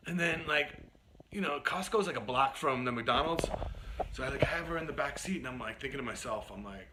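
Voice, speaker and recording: A man's voice: mid-range voice, animated, a little fast, noisy background. A man who drives for a ride service, telling a story casually, full of "like" and "you know". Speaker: rideshare driver.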